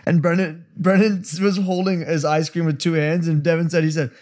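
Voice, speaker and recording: A man's voice: on the high side, level tone, fairly quick, darkish tone. A man on a podcast chatting casually, retelling a friend's account of the story. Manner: retells a secondhand story, laughing. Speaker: podcast co-host. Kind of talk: casual chat.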